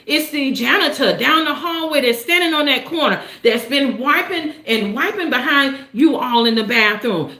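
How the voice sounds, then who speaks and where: An older woman hosting a live storytime stream, chatting to viewers with an encouraging, preacher-like rhythm and frequent "right?" tags. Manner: warm, encouraging, preacher-like cadence with lots of "right?" tags and big pitch swings. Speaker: livestream storytime host. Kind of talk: casual live-stream chat. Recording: roomy echo.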